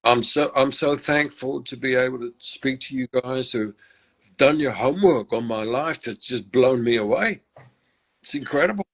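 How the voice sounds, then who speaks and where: An older man from England, appearing as a musician guest in a casual interview, tells stories at a moderate pace in a medium-pitched voice. He talks reflectively and warmly about faith, often starting over. The audio is poor.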